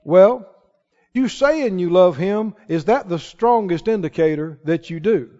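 A man's voice: high-pitched, lively intonation, measured pace, dark tone. A male pastor preaching a sermon with emphatic, rising declarations to a church congregation. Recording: dull sound with long hall reverb.

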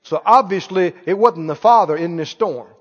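A man's voice: sits high, moderate pace. Male preacher, playful and emphatic, in an echoey hall with a dull recording. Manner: rhetorical questions, playful and emphatic. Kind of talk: sermon.

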